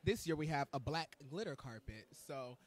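A man's voice: a little high, animated, moderate pace. Gushing, campy male red carpet host. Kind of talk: live red carpet commentary. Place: indoor red carpet event.

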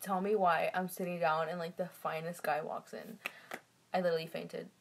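A woman's voice: on the low side, flat delivery, normal speed, gravelly. A teenage girl vlogging casually, giggly and gossipy, filling her talk with "literally" and "like.". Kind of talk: casual vlog chat. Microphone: phone camera. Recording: noisy phone video.

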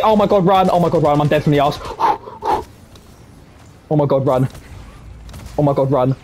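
A man giving loud, excitable gameplay commentary from his room, boastful and swearing freely, his voice hoarse from shouting. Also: on the high side, moderate pace, long pauses, a little hiss or hum. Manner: excitable, boastful, swears a lot, shouts and cackles in tense moments. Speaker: gaming video creator.

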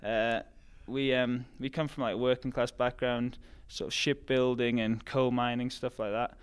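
Speaking a little slowly in a smooth, mid-range voice, this young man is a Geordie-accented college runner from Newcastle, England. He's relaxed as an interview guest, filling his casual chat with lots of "like" and "um."

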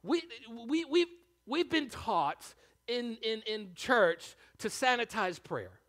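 A man preaching a sermon as pastor, animated, swinging from hushed asides to loud calls. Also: extremely high pitch, slow pace.

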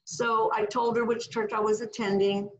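Middle-aged woman, minister, podcast guest, animated storytelling, acts out the voices she quotes. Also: fairly high pitch, normal speed, lo-fi sound. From California. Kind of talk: testimony in a podcast interview.

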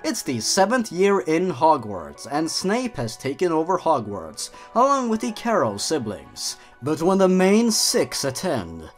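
A man narrating and mocking the stories he reads, with sarcastic, deadpan asides. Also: fairly high pitch, measured pace, hardly any pauses, faint music behind. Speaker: YouTuber narrator. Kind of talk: comedic reading with commentary.

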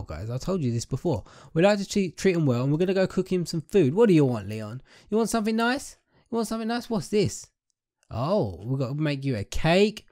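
A man's voice: on the high side, a little mellow. A young man giving casual, playful commentary over a life-simulation game, chatting to viewers and talking to the characters on screen. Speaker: gaming YouTuber. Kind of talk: casual let's-play commentary.

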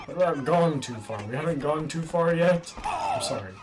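A man's voice: on the high side, moderate pace, background noise. A young man giving joking gameplay commentary, goofily talking back to game characters. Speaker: gaming YouTuber. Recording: gameplay audio with sirens under voice.

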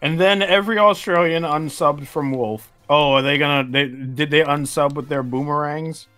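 A woman's voice: deep voice, normal speed, fairly bright tone, faint music behind. A woman joking crudely in a casual group chat on a game stream. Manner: crude, jokey, laughs often. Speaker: stream co-player.

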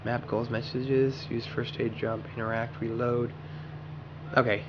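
A man's voice: medium pitch, level tone, unhurried, muffled recording, background noise. A man hosting a gaming channel, chatting casually and rambling to himself while he plays. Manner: rambling, self-talking while playing. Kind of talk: casual gameplay commentary.

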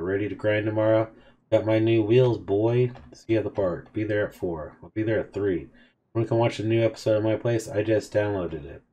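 A man's voice: fairly low pitch, warm tone. A man hosting a game video, casually reading out a chat of text messages between characters. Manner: casual, offhand reading of both sides of a chat. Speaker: gaming video host.

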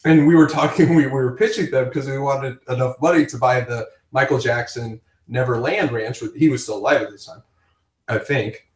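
A man's voice: mid-range voice, normal speed. A man hosting a casual chat, telling rambling stories with frequent laughs. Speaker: podcast host. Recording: roomy, distant from the mic.

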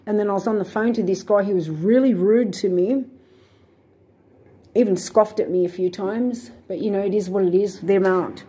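Woman, indignant rambling storyteller; darker, slightly husky tone. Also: medium pitch, normal speed, mellow. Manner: aggrieved, indignant retelling with many fillers and restarts. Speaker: vlogger.

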